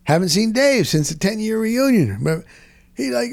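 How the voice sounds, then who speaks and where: A middle-aged man, telling a rambling story in casual chat, dropping "boom" into his sentences. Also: normal speed, vocal fry, no room sound. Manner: animated, punctuates with "boom". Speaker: sports radio co-host.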